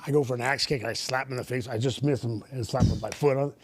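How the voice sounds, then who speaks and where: A man's voice: medium pitch, steady tone, quick pace, slight background noise. A middle-aged man tells stories as a podcast guest, circling back and restarting his sentences. He laughs often as he goes, loose and conversational. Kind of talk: casual storytelling.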